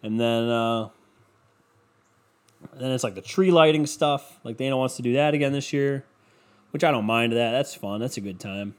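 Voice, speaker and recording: A man's voice: mid-range voice, normal speed, long pauses. A man rambling through a casual solo monologue at home, swearing often and putting himself down. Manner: rambling, profane, self-deprecating.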